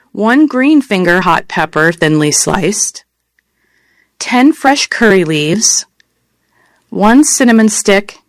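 A woman reading out recipes in a measured, list-like delivery, naming ingredients and steps one after another. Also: mid-range voice, dry recording. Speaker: recipe reader. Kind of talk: slow scripted recipe reading.

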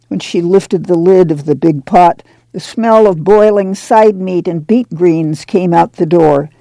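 A woman reading a novel aloud in a plain, measured way. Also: on the low side, vocal fry, dark tone, no room sound, rough recording. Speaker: reader.

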